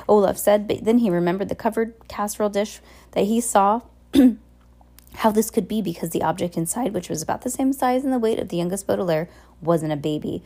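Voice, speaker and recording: A woman reading a novel aloud in a plain, unhurried storytelling manner. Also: medium pitch, creaky, warm tone. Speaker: reader.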